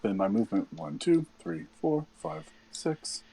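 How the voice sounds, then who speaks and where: A man's voice: a little high, animated, unhurried, gravelly, mellow, breathy edge. A man playing a tabletop game, playful and joking, over background music. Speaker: player. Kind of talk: casual tabletop play.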